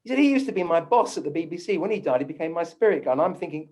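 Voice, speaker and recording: A man's voice: fairly high pitch, expressive, very fast, darkish tone. A man giving a talk, telling a personal story and acting out the voices he quotes, with frequent ums and restarts.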